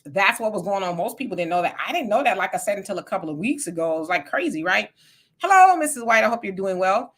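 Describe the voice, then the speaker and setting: A woman's voice: mid-range voice, animated, fast talker, fairly bright tone. A woman hosting a livestream in a casual, chatty way, greeting viewers by name and reading their comments aloud. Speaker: livestream host.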